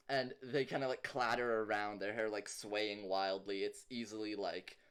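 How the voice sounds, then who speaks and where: A man's voice: fairly low pitch, little pitch movement, normal speed, a bit bright, smooth. A man narrating a tabletop game as game master, describing scenes loosely with many fillers.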